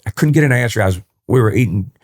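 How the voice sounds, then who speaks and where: A man's voice: mid-range voice, lively intonation, rapid-fire, darkish tone. A man in his sixties with a Texan accent, a country singer telling folksy stories as a podcast guest, often repeating words as he goes. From East Texas. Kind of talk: storytelling in a podcast interview.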